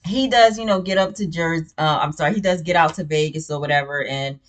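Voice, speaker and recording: A woman's voice: sits low, fast talker. A woman recapping a reality show in casual, blunt, opinionated chat, with many "you know what I'm saying" fillers.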